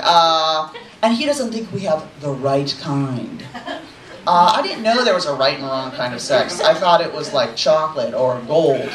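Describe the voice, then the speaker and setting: A woman in her forties doing a brash, profane, self-mocking stand-up set on a comedy club stage. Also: lowish voice. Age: 40s. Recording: echoey club mic from a distance, audience laughter. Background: crowd laughing.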